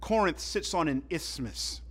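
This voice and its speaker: A man from the southern United States preaching a sermon, telling stories in an animated way and swinging between loud and hushed. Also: on the high side, unhurried. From southern United States (Atlanta). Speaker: pastor.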